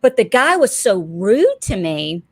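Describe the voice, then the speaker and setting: A woman's voice: medium pitch, unhurried, slightly rough. A woman, co-hosting a podcast and telling a story in casual chat, acting out the people in it. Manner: animated, acts out quoted people mid-story. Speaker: podcast co-host.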